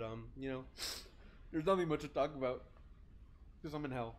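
A man's voice: mid-range voice, a little hiss or hum. A young man live-streaming, chatting casually with a joking, sarcastic, swearing manner.

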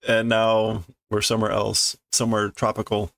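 A man's voice: on the low side, completely flat delivery, normal speed, vocal fry, fairly bright tone, no echo, studio quality. A man casually reading a comic aloud on stream, amused and explaining the story as he goes. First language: English. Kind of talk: casual read-through with commentary.

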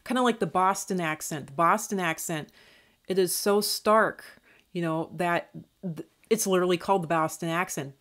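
A woman from northern Minnesota, with a faint Minnesotan accent worn down to a neutral American sound, talking in a digressive, rambling monologue full of restarts. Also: fairly low pitch. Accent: faint Minnesotan, mostly neutral American. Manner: digressive, many restarts and fillers. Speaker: YouTube channel host.

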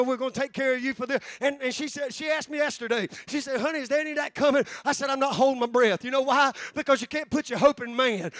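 High-voiced preacher, fervent and dry. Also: male voice, dry recording. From United States. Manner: fervent preaching, repeats phrases, rises to shouts. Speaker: pastor. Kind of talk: sermon. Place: church sanctuary.

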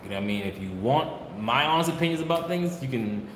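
A fast-talking dog breeder with an expressive, medium-pitched voice vlogs casually from a kennel, where barking dogs and an echoey room make the recording noisy. He's blunt, scolds his viewers, and says things more than once.

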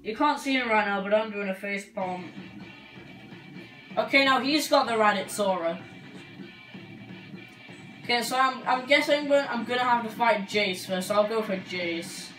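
A woman's voice: fairly high pitch, measured pace, long pauses, fairly bright tone. Woman let's-player, joking banter, sits off-mic in a roomy space over game music. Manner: chatty, joking, says like a lot. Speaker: gameplay commentator. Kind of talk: let's play commentary. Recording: echoey room, far from mic, game music.

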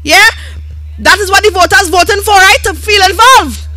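A woman's voice: very high-pitched, moderate pace, music in the background, rough recording. A Trinidadian woman giving a rousing campaign rally speech as a political candidate, calling to the crowd in rhythmic, chant-like lines.

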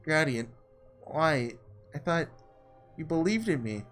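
A man's voice: a little high, lively intonation, slow pace, a bit bright, soft background music. A man reading an earnest young ruler. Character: earnest young male ruler, formal and principled.

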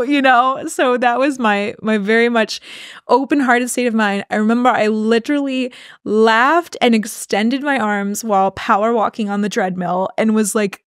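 Young adult woman, podcast co-host, higher voice, dry close sound, animated, laughing storyteller. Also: a little slow, dry recording. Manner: animated, laughing, quotes people in acted voices. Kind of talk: casual conversational storytelling.

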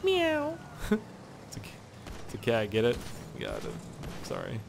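A young man from Canada giving rambling, profane gameplay commentary with sudden excited yelps. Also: lowish voice, normal speed, creaky, over music. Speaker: gaming channel host.

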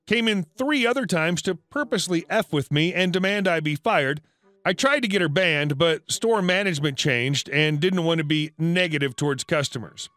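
A man reading a written story aloud as a narrator, with even, read-aloud delivery. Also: fairly high pitch, dry recording. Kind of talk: scripted narration. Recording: dry close voice with faint music.

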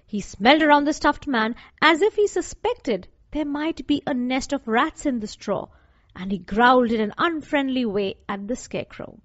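A woman reading a children's story aloud for a class lesson, clear and deliberate. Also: high voice, expressive, dry recording. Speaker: teacher. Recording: dull dry lo-fi recording.

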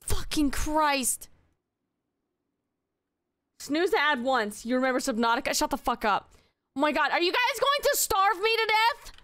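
A young woman streaming a game live, exasperated and swearing as she yells at her chat. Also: high-pitched, animated, a little slow, long pauses, no room sound.

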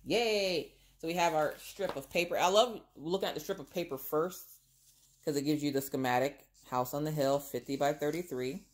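A woman's voice: low voice, moderate pace. A woman vlogger, chatting casually and expressively to viewers while unboxing craft kits.

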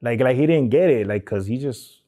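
Laid-back LA man, dark voice. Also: medium pitch, lively intonation, normal speed. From Los Angeles. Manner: loose street slang, many "like" and "man" fillers. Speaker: tattoo artist, interviewee. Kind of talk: casual interview.

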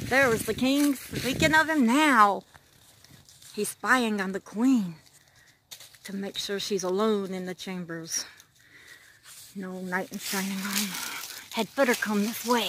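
A woman's voice: mid-range voice, unhurried, pauses often, noisy background. A woman, casually narrating her pet cats as a playful mock drama while coaxing them along. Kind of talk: casual live narration of pets.

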